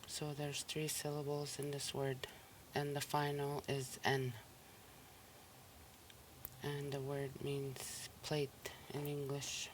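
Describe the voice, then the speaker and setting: Language teacher, unhurried, flat steady delivery, sounds out syllables, patient explaining tone. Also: mid-range voice, a little hiss or hum. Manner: repeats each word slowly and sounds it out syllable by syllable. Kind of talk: recorded listening lesson.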